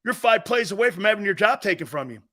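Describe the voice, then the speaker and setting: A man putting on a gruff older football coach who barks and berates his players. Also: high voice, expressive, fast talker, pushed and bright. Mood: berating. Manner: barking, berating.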